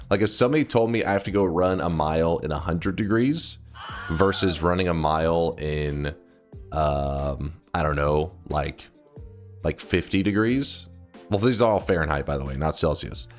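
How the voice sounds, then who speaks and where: Low-voiced, profane streamer. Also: male voice, moderate pace, faint music behind. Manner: rambling and profane, with sudden loud outbursts. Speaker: livestreamer. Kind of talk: casual live-stream chat.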